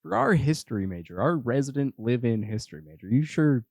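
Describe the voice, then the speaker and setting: A man's voice: medium pitch, very animated, a little fast, vocal fry, darkish tone, no echo. Young dude teasing his buddy on a comedy podcast, voice jumps all over, dry close sound. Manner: teasing, playful. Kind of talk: casual chat.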